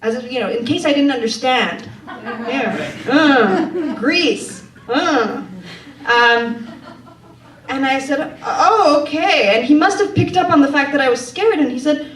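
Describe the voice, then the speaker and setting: A woman tells a true story live on stage, wry and conversational, laughing now and then as she talks. Her voice sits a little high. The sound is echoey and picked up from some distance, with faint room ambience behind her. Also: moderate pace. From Poland. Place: theater stage before an audience.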